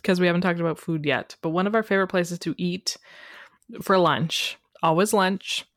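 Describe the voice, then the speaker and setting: A woman from western Canada co-hosting a podcast in casual chat, playful and quick with jokey asides. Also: lowish voice, no room sound, clean studio sound. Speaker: podcast co-host.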